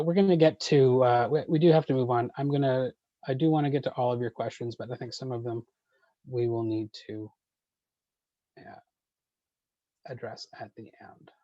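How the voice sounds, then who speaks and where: A man of middle pitch runs an online poetry workshop, answering questions in a measured way with many ums and uhs. His voice comes over a video call, dry and slightly muffled. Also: dark tone, dry recording.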